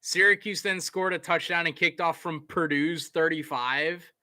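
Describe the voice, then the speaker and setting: Young male streamer doing casual play-by-play. Bright voice, a bit high, close dry mic. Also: normal speed, no echo. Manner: excitable, chatty, laughs and hums between plays. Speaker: live stream commentator.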